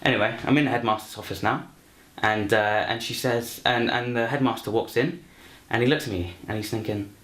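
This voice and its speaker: The speaker, a young Londoner who studies at university and acts, has a mid-range, fairly bright voice and talks fairly quickly. He rambles through a self-introduction and a comic story, restarting often and filling gaps with fillers, over faint music in an echoey room.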